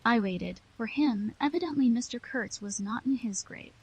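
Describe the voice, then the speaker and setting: Husky-voiced woman narrating an audiobook. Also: on the high side, expressive, moderate pace, poor audio. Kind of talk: first-person literary narration.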